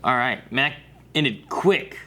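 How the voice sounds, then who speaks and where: A man's voice: mid-range voice, lively intonation, slow, pushed and bright, soft background music. A man co-hosting a reaction video, talking casually and rambling as he thinks aloud.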